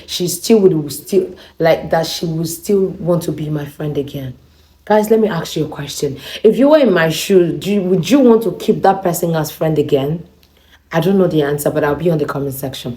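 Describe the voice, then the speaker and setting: A woman's voice: sits low, warm tone. A young woman vlogger telling a personal story to her viewers, acting out both sides of a quarrel. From Nigeria. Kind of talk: storytelling to camera.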